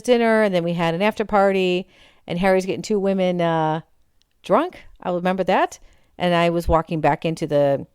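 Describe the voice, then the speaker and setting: A woman in her forties telling a rambling personal story in casual chat, often stopping to correct herself and turning animated. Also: lowish voice, clean tone, dry recording, studio quality. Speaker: vlogger.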